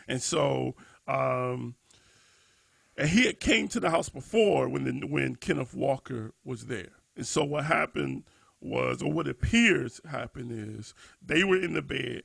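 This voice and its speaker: A man's voice: medium pitch, animated, measured pace, creaky, fairly bright tone, husky, no room sound. A man co-hosting a discussion podcast, thinking aloud with many restarts and fillers. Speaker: podcast co-host.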